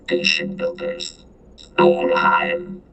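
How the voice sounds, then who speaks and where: An ancient sentient vending machine speaks in a deep, synthesized, multitonal voice full of gravel. Its clipped, broken phrases come slowly and swing between extremes of pitch. Faint music plays behind it. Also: male voice, huge pitch swings, fairly bright tone, full character voice. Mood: ominous.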